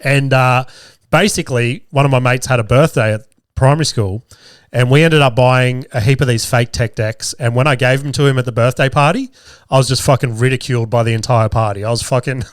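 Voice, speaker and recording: On his podcast, an Australian man in his thirties tells a casual story, swearing constantly and laughing as he goes. His voice is mid-pitched and fairly quick, and the recording is dry and close with no room echo, made through a camera with a podcast mic.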